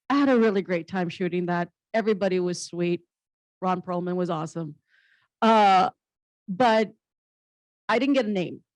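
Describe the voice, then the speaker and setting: A female comedian and actress sits on a panel, telling stories in a blunt, funny, candid way and swearing casually. Her voice is mid-range, and the recording, though free of room sound, has poor audio quality.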